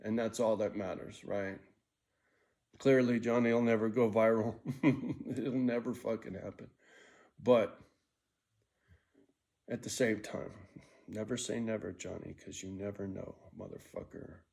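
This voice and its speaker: A man's voice: on the low side, steady tone, unhurried, creaky, long pauses, darkish tone. A man of sixty rambling through a profane vlog monologue, restarting and jumping between thoughts. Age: 60s. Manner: restless, frequent restarts and stumbles. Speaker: vlogger.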